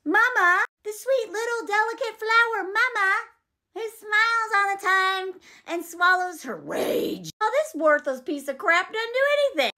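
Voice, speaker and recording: A woman with a high, bright voice talks through a movie scene in casual, sarcastic commentary. Her pitch leaps up and down as she reacts, and she breaks into laughter often. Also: a little slow. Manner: animated, sarcastic, frequent laughter.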